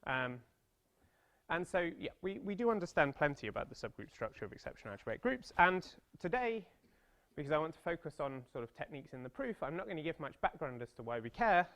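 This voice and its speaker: With a slightly high, sing-song voice that's a little fast and a bit bright, a British mathematics lecturer in his thirties gives a seminar talk. Set in a seminar room, his style is chatty and self-deprecating, full of playful storytelling asides.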